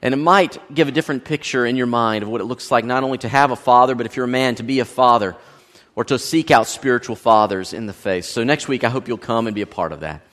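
Animated pastor in a big hall. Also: male voice, medium pitch, fast talker. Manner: animated storytelling, swinging from loud to quiet. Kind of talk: sermon. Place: large church sanctuary.

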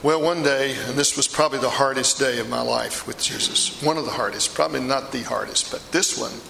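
Passionate middle-aged fisherman apostle Peter, played by a man in a sermon, bright edge, long hall reverb. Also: medium pitch, a little fast, vocal fry, slight background noise. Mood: earnest. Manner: storytelling, emphatic, confiding asides. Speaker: preacher performing a first-person monologue. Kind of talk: dramatic monologue sermon.

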